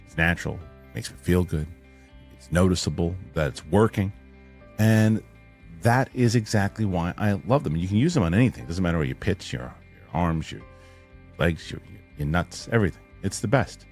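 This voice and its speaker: A middle-aged man hosting a casual podcast, rambling and animated, often repeating his words as he reads sponsor spots and tells stories. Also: deep voice, normal speed, soft background music. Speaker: show host.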